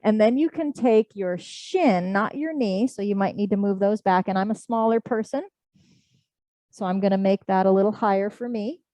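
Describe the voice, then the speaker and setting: A woman yoga teacher leads a class with gentle, unhurried cues, her voice mellow and warm. The sound is close and dry, with little room around it. Her pitch sits in an ordinary middle range for a woman. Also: no room sound, rough recording. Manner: gentle, slow guiding cues with soft breathing sounds. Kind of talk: live class instruction. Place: indoor studio class, also streamed online.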